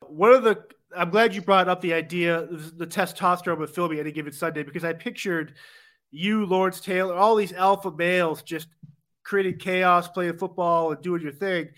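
A man's voice: sits high, normal speed, fairly bright tone. A man hosting a podcast, asking long, rambling questions with hesitant restarts. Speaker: podcast host. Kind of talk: interview questions.

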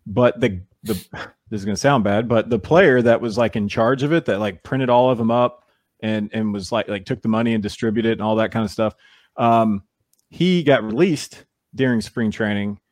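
Dry-voiced man telling lively anecdotes. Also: on the low side, normal speed, no room sound. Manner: animated storyteller who acts out quoted voices. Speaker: baseball player, interview guest. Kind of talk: casual interview chat.

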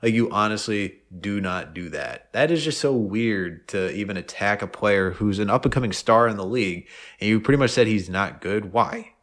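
A man's voice: on the low side, moderate pace, hardly any pauses, a bit bright. A man co-hosting a casual sports podcast, rambling and fired up with lots of fillers. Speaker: podcast co-host.

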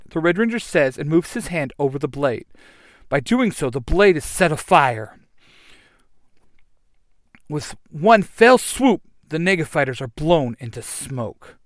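A man narrating an action adventure story in a lively, animated reading. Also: medium pitch, moderate pace, no room sound, clean studio sound.

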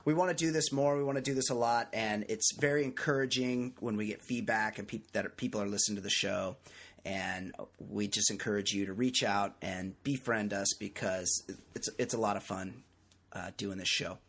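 A man's voice: on the low side, fairly even intonation, moderate pace, a bit bright. A man hosting a casual podcast, joking and rambling in loose banter. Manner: jokey, rambling, self-mocking. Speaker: podcast host.

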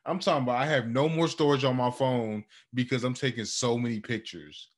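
A young man co-hosting a casual podcast, telling stories with lively energy. He slips into quoted voices as he talks, and his voice sits at an ordinary middle pitch. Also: brisk. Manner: animated, drops into quoted voices. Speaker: podcast co-host. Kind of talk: casual chat.

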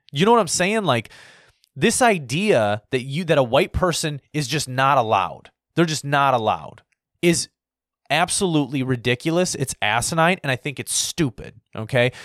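A man's voice: on the high side, fairly bright tone, no echo, studio quality. Heated, rambling man in his thirties. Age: 30s. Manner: heated, profane, rambling with many fillers. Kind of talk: casual opinion rant to camera.

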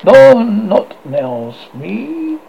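A man's voice: fairly high pitch, big pitch swings, slow, gravelly, breathy edge, exaggerated voice. A man voicing a menacing, brooding pirate captain who speaks darkly and passionately, on a dull lo-fi recording. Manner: passionate, dark, threatening.

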